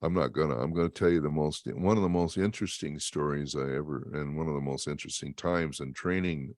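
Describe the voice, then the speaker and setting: A man telling stories in an interview, emphatic and animated, laughing often. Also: very deep voice, a little fast, dry recording, studio quality. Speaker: interview guest and motivational speaker. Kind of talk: storytelling in an interview.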